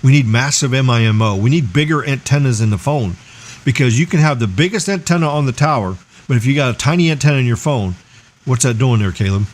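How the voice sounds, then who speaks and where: A man's voice: medium pitch, expressive, fast. A man hosting a casual tech livestream, explaining energetically and firing off rhetorical questions. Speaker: livestream host.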